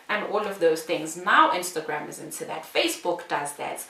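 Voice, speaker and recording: A woman from South Africa telling her own story to camera in a casual vlog, animated, acting out the other people's lines. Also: fairly low pitch, normal speed, few pauses, echoey room, far from the mic. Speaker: vlogger.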